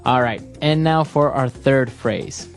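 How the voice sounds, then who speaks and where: Woman podcast host going over english phrases, super low voice, lots of mm-hmms. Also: slow, faint music behind. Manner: steady, explanatory, many agreeing fillers. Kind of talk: teaching English lesson.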